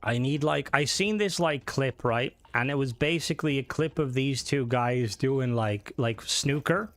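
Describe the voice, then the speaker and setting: A man's voice: medium pitch, measured pace, no echo. A man chatting casually while he streams a game live, rambling and swearing and often restarting his sentences. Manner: rambling and profane, with frequent restarts.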